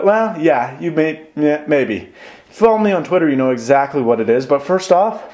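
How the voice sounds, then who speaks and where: A young man hosting a casual unboxing vlog, chatty and excited, rambling and correcting himself as he goes. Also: medium pitch. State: out of breath. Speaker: tech YouTuber.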